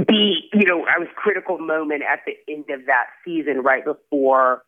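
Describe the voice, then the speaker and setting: A man's voice: on the high side, moderate pace, hardly any pauses. A man, an actor guest, chatting effusively in an interview, full of "like" and "you know". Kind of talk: casual interview chat. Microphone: phone call. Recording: tinny phone line.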